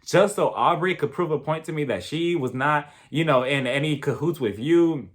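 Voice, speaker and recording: A man voicing a suspicious woman who asks rapid, flustered questions, in an impression on a video recap. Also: fairly high pitch, natural voice. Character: suspicious woman feeling set up.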